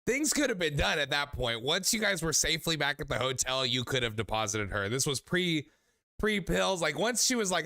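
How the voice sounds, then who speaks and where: Lively bright-voiced male host. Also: on the high side, brisk, dry recording, clean studio sound. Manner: interjects and recaps. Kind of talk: casual talk show chat.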